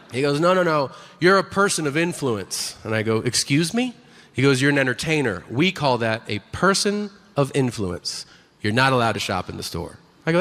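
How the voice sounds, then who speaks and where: A middle-aged man doing a stand-up comedy set, profane, acting out both sides of conversations. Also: a bit bright. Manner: profane, acts out both sides of dialogues with low voices. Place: comedy venue stage. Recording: live stage set with long reverb and faint room noise.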